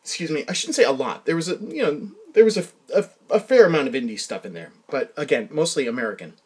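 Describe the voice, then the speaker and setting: A man hosting a solo podcast, telling rambling, self-deprecating stories with frequent restarts and quiet muttered asides. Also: on the high side, very animated, quick pace, slightly rough. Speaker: podcast host.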